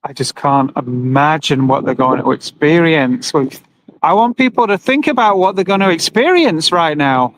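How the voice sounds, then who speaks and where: Male livestreamer, higher pitch, earnest and emotional, outdoor phone stream by a road. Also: lively intonation, normal speed, slight background noise, low-quality recording. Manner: earnest, emotional, talks to viewers and reads comments aloud. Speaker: livestreamer at an animal rights vigil. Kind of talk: live-streamed casual monologue. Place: outdoors by a roadside with passing trucks.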